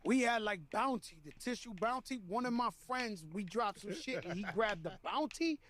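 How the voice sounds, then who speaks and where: A man in his fifties with a high-pitched, animated voice, telling profane stories from his childhood in a loose podcast chat. He acts out the voices of people from his past. A faint hiss sits under his voice. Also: normal speed. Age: 50s. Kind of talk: casual storytelling chat. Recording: faint background noise.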